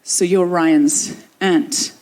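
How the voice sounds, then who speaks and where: A woman voicing stern male church elders with a Canadian accent, speaking slowly in a low, menacing tone. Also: steady tone, a little mellow, slight background noise, low-quality recording.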